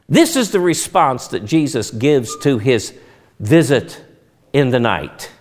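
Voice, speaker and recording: A male preacher delivering a sermon with a lively, swooping delivery. His voice sits a little high for a man. He presses his points emphatically and lets some phrases fall away to a near hush. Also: measured pace. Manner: emphatic, expressive delivery with sudden drops in volume.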